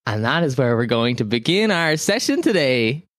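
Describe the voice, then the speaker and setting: Man, game master, animated recap narration, dry close mic, faint music bed. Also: medium pitch, normal speed, no echo. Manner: relaxed, recaps from notes.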